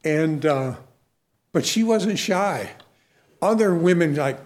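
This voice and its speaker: Fervent, folksy preaching man with a higher voice. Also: lively intonation, slow. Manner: fervent, folksy storytelling with emphatic exhortations. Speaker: Christian minister. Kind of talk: preaching testimony and closing prayer.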